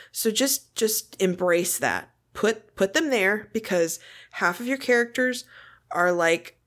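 A woman co-hosting a podcast in casual chat, blunt and quick to swear and laugh. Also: on the low side. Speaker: podcast co-host.

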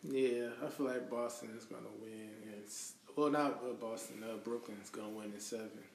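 A man's voice: medium pitch, fairly even intonation, normal speed, vocal fry. A laid-back man chatting about sports, calling people bro and man. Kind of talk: casual sports talk. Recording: distant mic in an echoey room with faint noise.

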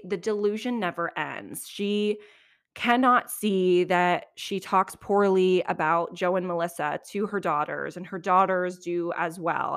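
A woman's voice: fairly low pitch, a bit bright. Chatty woman recapping reality TV. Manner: chatty, opinionated, quick asides. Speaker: podcast host.

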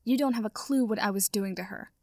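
A woman's voice: medium pitch, a little fast, a little mellow, dry recording, studio quality, natural voice. Woman voicing a sneering young vampire man. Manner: growling, sneering. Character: predatory young male vampire, taunting and crude.

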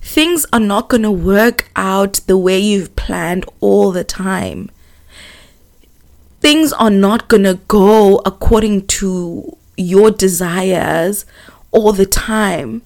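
A gentle, patient grandmother offers comfort, as a young woman quotes her. The speech is soft and reassuring and stays slow and calm. The pitch sits at a middle level. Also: gravelly. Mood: soothing.

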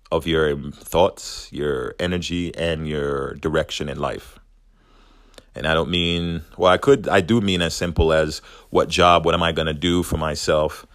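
A man's voice: a bass voice, no room sound, clean studio sound. A man giving an earnest, reflective spiritual self-help talk, wandering a little and correcting himself as he goes. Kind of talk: motivational monologue.

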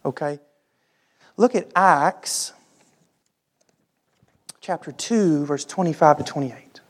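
Casual preacher, mid pitch, chatty sermon w lots of "you know"s and questions to the room. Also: slow. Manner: conversational, asks the listeners rhetorical questions; reads scripture aloud, then explains it. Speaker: pastor.

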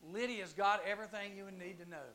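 Man teaching youth Bible class, bright, lively, acts out the voices. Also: high voice, fast talker, slight background noise. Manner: animated storytelling with acted-out voices.

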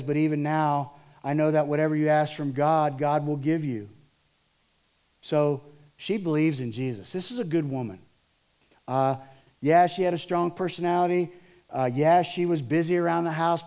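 Lively preaching pastor, a man. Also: a little high, moderate pace. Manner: lively storytelling, acts out voices of disciples and Martha. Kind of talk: sermon.

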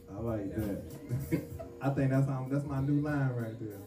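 A man's voice: mid-range voice, moderate pace. A man hosting a comedy show, riffing in loose, joking bursts between laughs. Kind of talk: stand-up comedy. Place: live venue stage. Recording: roomy hall from a distance with music.

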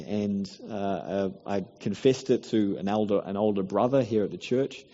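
Earnest pastor in echoing hall. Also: male voice, on the low side. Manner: earnest, pleading, rises to loud exhortation. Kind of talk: sermon. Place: church hall. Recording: dull recording in a reverberant hall.

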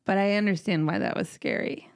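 A woman's voice: medium pitch, steady tone, fairly quick, creaky, smooth. A woman co-hosting a casual chat, reacting with wry, joking asides. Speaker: podcast co-host.

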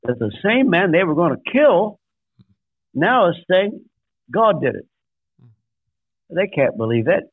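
A man's voice: high-pitched, sing-song, unhurried, pauses often, dry recording. Older man preaching over a tinny line. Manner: emphatic, numbered points, acts out quotes. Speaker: guest pastor and author. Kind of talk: sermon-like storytelling. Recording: dry, tinny phone-like line.

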